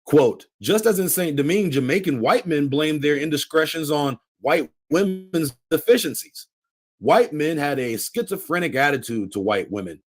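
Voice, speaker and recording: A man's voice: on the high side, animated, normal speed, breathy edge. A man hosting a channel, reading a history book aloud with commentary and putting emphatic stress on quotations. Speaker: channel host.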